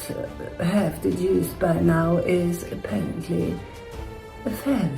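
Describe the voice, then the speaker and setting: A woman playing a weary, sarcastic older villainess with a gravelly voice in a comedy sketch. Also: mid-range voice, mellow, roomy sound, poor audio. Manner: dry, sarcastic remarks. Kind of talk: comedy sketch acting and mock narration.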